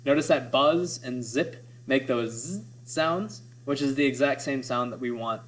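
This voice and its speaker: A man's voice: medium pitch, a little slow. A man teaching a lesson on poetry, explaining and sounding out examples, often checking in with "right?". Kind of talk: classroom lecture on poetry.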